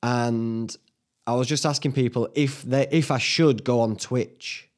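This is a man, talking casually as the host of his own podcast. He rambles in a relaxed, chatty way, drops in the odd swear word and laughs at his own jokes, at an ordinary middle pitch. He sounds like he is in a small home studio. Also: a little slow. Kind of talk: casual solo podcast chat.

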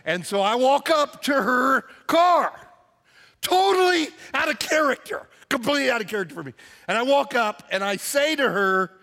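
A high-pitched man preaches from a church stage, his voice carrying a gravelly edge. He tells stories in a run of quick phrases, then shouts or draws out key lines. His words ring with a long reverb in the hall. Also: animated. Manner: storytelling, shouts for emphasis, drawn-out slow phrases. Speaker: pastor. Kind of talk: sermon. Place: church auditorium.

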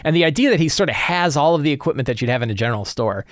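A man casually sharing advice as a tabletop game master, animated and acting out his players' reactions. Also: fairly high pitch, very fast, dry recording, clean studio sound. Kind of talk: casual tips talk.

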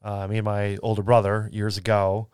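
A man's voice: fairly low pitch, moderate pace, clear, resonant tone. A man co-hosting a podcast in casual, dry conversation, telling stories with plenty of fillers. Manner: relaxed, dry, storytelling with many fillers. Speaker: podcast co-host. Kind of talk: casual chat.

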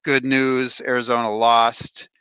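A man's voice: medium pitch, flat delivery, slow pace, bright, forceful tone, clean tone, no echo, lo-fi sound. A man co-hosting a casual sports podcast, going through stats and quotes with plenty of "uh"s. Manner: reads stats and quotes, with filler "uh"s. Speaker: podcast co-host.

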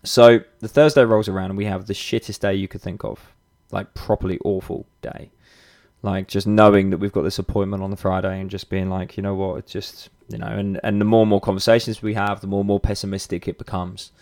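A man's voice: on the low side, level tone, a little fast, darkish tone. A man in his thirties, hosting a podcast, tells a personal story in a candid, casual way, with swearing, fillers and restarts. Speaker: podcast host.

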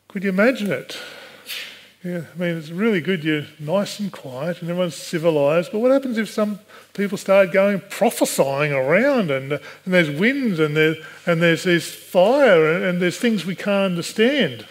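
A man's voice: high-pitched, animated, measured pace. A man, a pastor, preaching a sermon in an earnest way, with rhetorical questions to the congregation. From Australia.

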